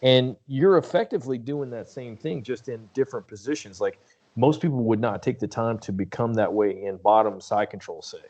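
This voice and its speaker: A podcast host, a man in his late thirties or older, conducts an interview in a relaxed, meandering chat. His mid-range voice has a darkish tone and moves a little fast, and the audio sounds dull.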